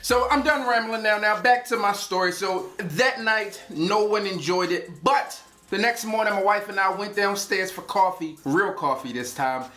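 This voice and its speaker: A man's voice: sits high, normal speed, few pauses, sharp tone. A man casually reviewing a fragrance on his vlog, joking and rambling through stories as he talks. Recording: roomy echo.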